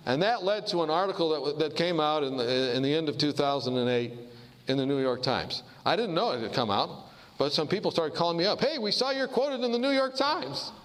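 A man's voice: a little high, brisk. A man giving a sermon-style talk, telling stories with humor and asides to the audience. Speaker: preacher. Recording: long hall reverb.

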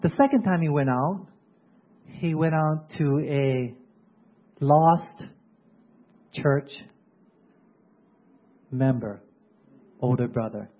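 A man delivers a sermon in a husky, fairly high voice, often stopping to put questions to his listeners. The recording sounds dull and lo-fi, with the top end muffled. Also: slow, pauses often. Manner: keeps asking the congregation questions. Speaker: preacher.

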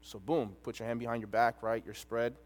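A man preaching a sermon, telling a personal story with animated delivery and quoted dialogue. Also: mid-range voice, fairly quick. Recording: long reverb of a large hall.

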